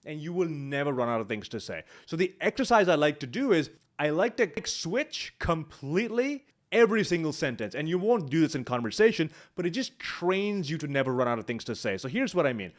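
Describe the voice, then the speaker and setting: A man coaching viewers on how to speak, his voice a touch high and swinging widely in pitch. He teaches through live examples into a large studio microphone at a home video setup. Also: brisk. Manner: animated, walks through examples on the spot. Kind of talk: instructional YouTube talk.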